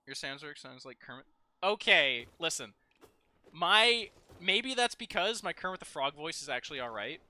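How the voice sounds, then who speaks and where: Sick young man, strained voice, high, lively pitch, giggly, swears a lot, dry close mic. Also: moderate pace, no room sound. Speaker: gaming streamer. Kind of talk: casual let's play commentary.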